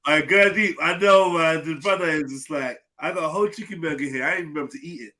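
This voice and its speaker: A man's voice: on the high side, fast talker, pushed and bright. A man hosting a live online panel, bantering in slang and steering the talk. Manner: joking, slangy, keeps steering the chat. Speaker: host of a live panel stream. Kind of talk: casual group banter.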